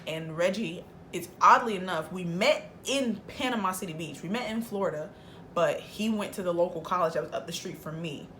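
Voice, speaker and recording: A young woman vlogger telling a casual storytime, animated and acting out every quote with big jumps in her voice. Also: on the low side, normal speed, a little hiss or hum.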